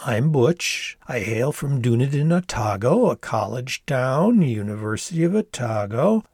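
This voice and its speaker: A man's voice: medium pitch, very animated, a little slow, a little mellow, slightly rough, dry recording, clean studio sound, full character voice. A man voicing a flamboyant young man in a storybook reading, with a theatrical, sing-songy game-show delivery. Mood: playful. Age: young adult.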